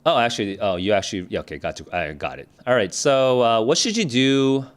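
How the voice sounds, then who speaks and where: A man's voice: mid-range voice, animated. Chatty male tutor drilling grammar. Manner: chatty, repeats drills slowly, answers live chat. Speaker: SAT tutor. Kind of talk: casual livestream Q&A lesson.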